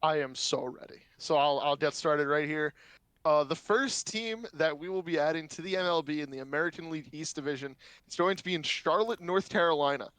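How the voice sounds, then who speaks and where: A man's voice: on the high side, brisk, fairly bright tone, clear, resonant tone, no room sound. A young man co-hosting a casual sports podcast, eagerly explaining his ideas at length. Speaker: podcast co-host.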